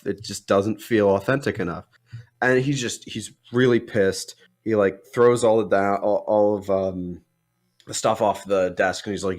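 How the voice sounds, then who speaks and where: A man's voice: on the low side, moderate pace. A young man on a podcast casually retelling a film plot, rambling with lots of "like" and "um". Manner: rambling retelling with many likes and ums. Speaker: podcast co-host. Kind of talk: casual movie discussion.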